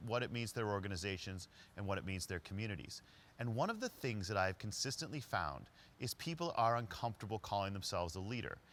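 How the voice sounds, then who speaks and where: A man speaking about leadership, telling a personal story in a lively way and acting out the other voices. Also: lowish voice. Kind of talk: storytelling talk.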